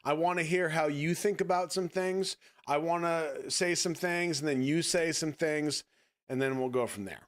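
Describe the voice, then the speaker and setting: A man with a raspy voice, talking earnestly and haltingly to his viewers on a casual live stream. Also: on the high side. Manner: earnest, halting, many restarts. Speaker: livestreamer.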